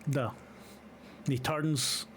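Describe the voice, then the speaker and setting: A man's voice: mid-range voice, fairly even intonation, drawn-out words, a bit bright, slight background noise. A man running a tabletop horror game as game master, describing scenes with frequent ums and uhs. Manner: hesitant, many fillers.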